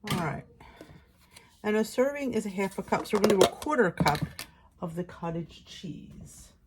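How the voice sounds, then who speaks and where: A woman's voice: mid-range voice, expressive, normal speed, heavy background noise. A middle-aged woman hosting a casual cooking vlog in her home kitchen, chatty and upbeat as she talks to viewers. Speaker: cooking channel host.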